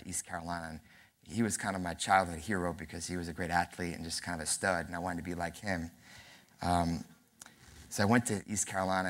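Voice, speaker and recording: A man's voice: low voice, a bit bright. A man in his early forties, from New York, giving a humorous, self-deprecating keynote speech at a convention center. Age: early 40s. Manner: storytelling with acted dialogue. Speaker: keynote speaker.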